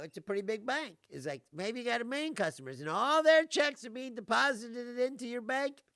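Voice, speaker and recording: This middle-aged man hosts a live stream, his voice sitting high with vocal fry and a pushed, bright quality. The studio-quality recording has no room sound. He tells a story as a casual, exasperated ranting monologue, laughing and swearing along the way.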